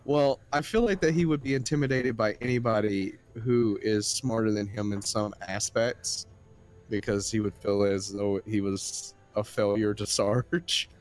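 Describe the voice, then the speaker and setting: A man's voice: on the low side, steady tone, measured pace. Playful man, faint music behind. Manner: playful, hesitant, stumbling over ideas. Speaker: player. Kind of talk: tabletop role-play chat.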